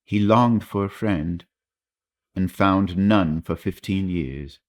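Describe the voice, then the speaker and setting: A man's voice: deep voice, slow, a little mellow. A man reading the part of a grave, earnest young Italian fisher lad in an audiobook.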